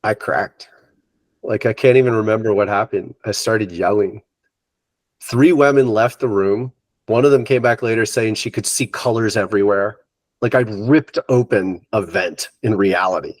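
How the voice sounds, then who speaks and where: Man, middle-aged, yoga teacher, animated storyteller, dry sound. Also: lowish voice, no room sound. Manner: animated, acts out what others said. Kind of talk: personal storytelling in an interview.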